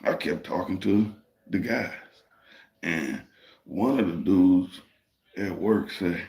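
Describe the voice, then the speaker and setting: A deep, gravelly man tells a long story in a loose, profane, streetwise way. His voice rings a little in an echoey room. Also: lively intonation, a little slow. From Detroit, Michigan. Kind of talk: casual storytelling.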